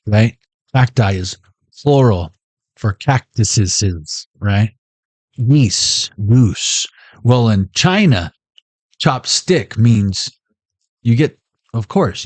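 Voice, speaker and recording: A young man riffs off the cuff in a rambling, joking way and swears freely. His pitch swings widely as he riffs. The recording is dry and close. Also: darkish tone, no echo. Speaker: tarot reader and streamer. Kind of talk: off-the-cuff comic riffing.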